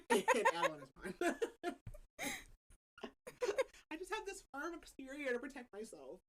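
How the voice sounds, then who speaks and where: A woman's voice: high voice, wildly swooping pitch, a little slow, fairly bright tone, poor audio. A young adult woman hosting a podcast, recapping a novel in casual chat, laughing often and leaning on "like" as filler. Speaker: podcast host.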